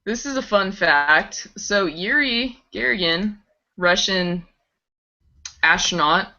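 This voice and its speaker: A woman's voice: mid-range voice, animated, takes it slowly, pushed and bright. Giggly woman sharing fun facts. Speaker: podcast co-host. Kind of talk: casual live-stream chat. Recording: dull lo-fi stream audio.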